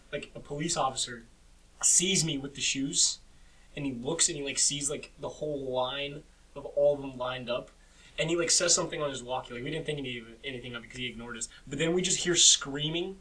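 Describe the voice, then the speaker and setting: A man's voice: medium pitch, a little fast, sharp tone, rough recording. A young man chatting casually, telling a loose, rambling story and swearing now and then. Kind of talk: casual chat.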